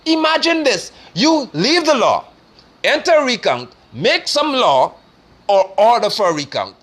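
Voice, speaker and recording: Man, preacher-style political commentator, bright high voice, scornful and forceful delivery. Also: big pitch swings, a little slow. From Guyana. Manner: forceful, scornful, rising to sermon-like declarations.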